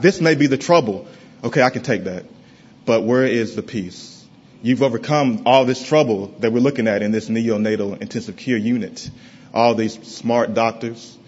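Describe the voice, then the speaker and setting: Man, middle-range voice, halting testimony before a congregation, muffled low-fi sound. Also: husky. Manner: halting, with many pauses and restarts, often dropping soft and low. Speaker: father giving a church testimony. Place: church in front of a congregation.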